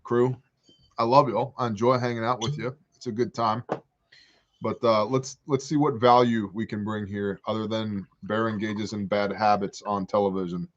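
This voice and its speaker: A man hosting a casual livestream from a porch, reading viewer comments aloud and answering them with animated jokes. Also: lowish voice, normal speed, dull audio. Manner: joking, animated, reads chat aloud. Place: outdoors on a porch.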